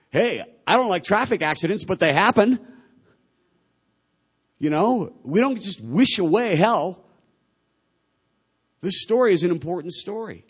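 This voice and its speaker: A male pastor preaching a sermon in a conversational way, swinging from hushed to loud, and quoting people in lively voices. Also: sits high, measured pace, long pauses, slightly rough.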